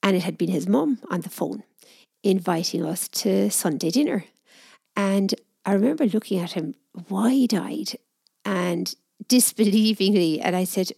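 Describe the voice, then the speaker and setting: A middle-aged woman telling a personal story in a gentle, soft-spoken, reflective way. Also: medium pitch, a little slow, creaky, husky, no echo, clean studio sound. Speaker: speaker sharing personal experience.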